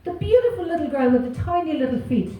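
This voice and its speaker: An Irish woman works through a stand-up set in a very echoey club, her slightly high voice carrying from a little way off the mic. She is self-deprecating and wry, chuckling through her punchlines. A faint hum of the room sits behind her. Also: expressive, fast, dark tone, far from the mic. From Ireland. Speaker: stand-up comedian. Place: comedy club stage.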